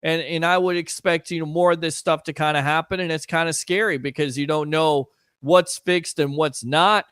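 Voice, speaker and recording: A man hosting a casual sports talk radio show, chatting fast and taking phone calls. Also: on the high side, fairly even intonation, fairly bright tone, clear, resonant tone, no room sound.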